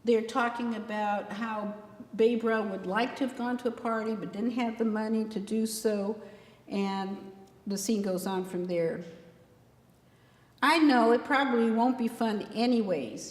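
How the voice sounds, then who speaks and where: A woman's voice: mid-range voice, level tone, moderate pace, darkish tone. A woman author reading her own novel aloud, acting out the dialogue with shifting voices. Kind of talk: dramatic book reading. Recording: echoey room with long reverb.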